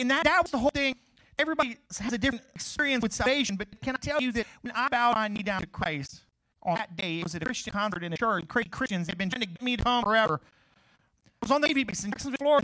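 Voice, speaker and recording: A middle-aged male pastor preaching a sermon, jumping from loud scripture reading to quiet asides and acting out both sides of conversations. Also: sits high, no room sound, low-quality recording.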